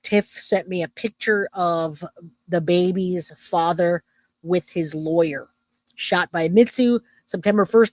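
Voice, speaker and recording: A woman's voice: medium pitch, no echo. A woman hosting a true crime livestream, chatting loosely with her viewers and reading comments aloud. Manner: loose and chatty, self-interrupting, laughs easily.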